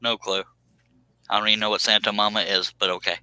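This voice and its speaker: Bright-voiced easygoing male host. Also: fairly low pitch, flat delivery, fast, smooth, dry recording, poor audio. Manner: easygoing, self-deprecating, hesitant fillers. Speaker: live stream host. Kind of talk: casual chat.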